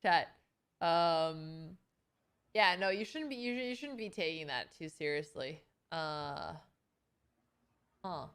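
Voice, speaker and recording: A woman's voice: low voice, animated, takes it slowly, pauses often, a bit bright, smooth. A young woman hosting a livestream, chatting casually with a friend and greeting and thanking her viewers as she goes. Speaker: streamer host.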